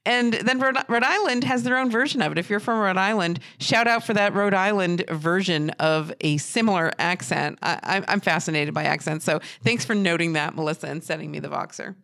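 A podcast host, a middle-aged woman from New Hampshire, chats warmly and casually, full of fillers and restarts. Her voice is fairly low and gravelly.

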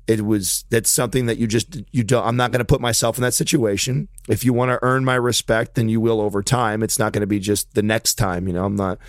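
A man in his thirties telling a long story on a podcast, animated and profane. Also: lowish voice, fairly quick, few pauses, no echo, clean studio sound. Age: 30s. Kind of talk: casual chat, storytelling. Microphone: studio mic.

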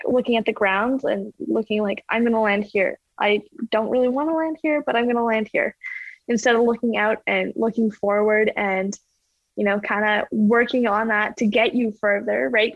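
A woman's voice: mid-range voice, no room sound. A woman athlete answering interview questions in a chatty, casual way, full of fillers. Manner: chatty, full of "like" and "you know". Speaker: ski jumper guest. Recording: slightly dull lo-fi sound.

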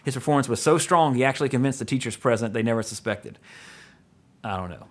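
A man with an ordinary mid-pitched voice hosts a casual podcast conversation. He rambles through his thoughts, piling up fillers and restarts and breaking into small laughs. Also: fast. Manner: rambling, filler-heavy, with frequent chuckles. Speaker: podcast host. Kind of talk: casual film-review chat.

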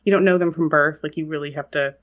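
A woman chats casually on a podcast, easygoing and quick to laugh between points. Her voice sits low for a woman. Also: steady tone, narrow, tinny audio.

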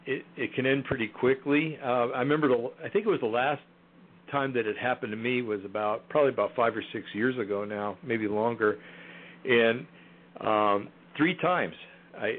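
Low-voiced man on a phone line. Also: normal speed. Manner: hesitant, many fillers and restarts. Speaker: guest. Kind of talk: casual interview talk.

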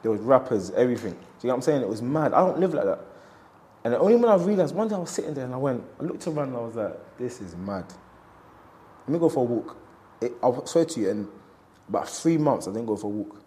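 A man's voice: mid-range voice, lively intonation, quick pace, warm tone. Male boxer guest, candid and reflective, mid-range voice, conversational interview. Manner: open, reflective storytelling with quoted asides.

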